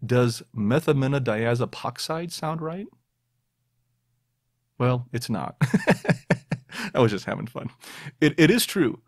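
A man's voice: mid-range voice, lively intonation, measured pace, pauses often, dry recording, clean studio sound. A man hosting a podcast, quizzing his listeners in a playful, self-mocking way. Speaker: podcast host. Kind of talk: quiz-style podcast monologue.

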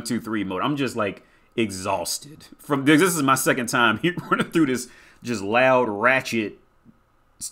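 A man's voice: medium pitch, bright, forceful tone. A man giving blunt, profane reaction commentary in a rant, often repeating himself. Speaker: commentary vlogger.

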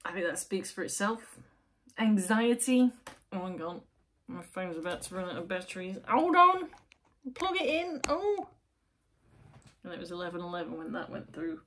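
Lit by her computer at home, a woman who hosts a tarot channel reads cards to camera, rambling chattily, emphatic and often cutting herself off mid-sentence. Her lowish, fairly bright voice has lively intonation and a moderate pace with long pauses, plus a little hiss or hum.

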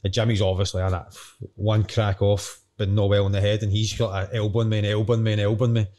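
Ex-footballer guest, thirties; lowish voice, matey, rambling anecdotes. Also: male voice, level tone, fast talker, warm tone. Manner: chatty, matey, retells quotes. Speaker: podcast guest, former footballer. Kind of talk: casual interview storytelling.

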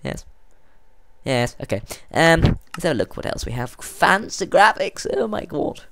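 A man giving casual gameplay commentary, excitable and jumpy, rambling and yelping as he plays. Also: mid-range voice, moderate pace, vocal fry, noisy background. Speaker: let's play gamer.

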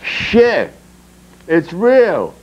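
A man voicing a dazed young male band member who talks in excited bursts. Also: high-pitched, fast, muffled recording, pitched above the performer's own voice, close to an everyday voice. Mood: shocked.

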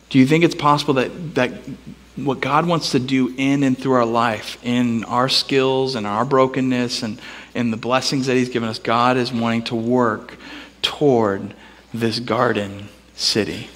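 Man, pastor, sermon in a church, lively storyteller, mid pitch. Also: measured pace, in a large hall. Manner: storytelling, animated, acts out characters with big pitch jumps. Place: church sanctuary.

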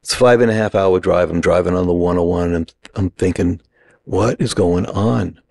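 A man's voice: sits low, steady tone, fast talker, a little mellow. A middle-aged man, an acting teacher, telling a story in short punchy sentences and acting out the other people's lines. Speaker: acting teacher, podcast guest. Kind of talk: animated storytelling.

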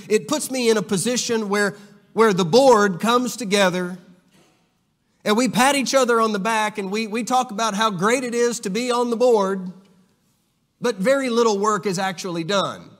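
A man with a fairly high voice delivers an earnest sermon, often doubling words as he restarts a thought. His voice rings out with a long reverb from a church hall. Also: moderate pace, a bit bright. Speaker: preacher. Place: church auditorium.

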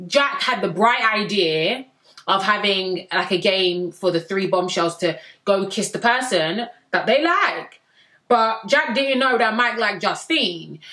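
A young woman reviewing a reality dating show in a chatty, slangy way, with sudden excited bursts. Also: medium pitch. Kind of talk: casual recap vlog.

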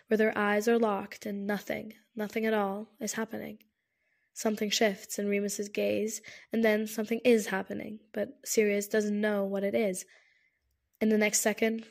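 A woman narrating an audiobook with a steady, measured reading. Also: mid-range voice. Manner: steady, measured reading with present-tense prose.

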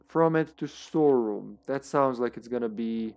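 A man streaming a horror game, talking casually to himself as he plays, often trailing off into quiet mutters. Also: medium pitch, moderate pace. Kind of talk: casual gameplay commentary.

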